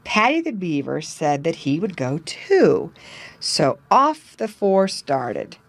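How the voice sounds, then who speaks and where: A woman reading a children's animal story aloud in clear, measured narration. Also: on the low side, very animated, no room sound.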